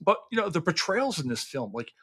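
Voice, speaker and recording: A man's voice: fairly high pitch, very animated, fairly quick, fairly bright tone, husky. A man from the American South hosting a podcast, chatting about film and history with lots of fillers and restarts. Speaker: podcast host. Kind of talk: casual film and history chat.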